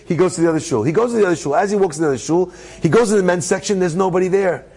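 A man with a high voice tells a story to a live audience, animated and full of asides. He jokes with the listeners and acts out each character as he goes. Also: racing, breathy edge, rough recording. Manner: animated, joking, acts out characters, uses Hebrew terms.

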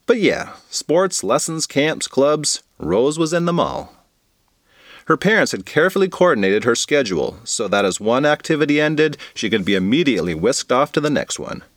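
A man's voice: medium pitch, big pitch swings, moderate pace, no echo, studio quality. A man narrating a goofy children's story in a playful, comic manner. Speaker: podcast storyteller.

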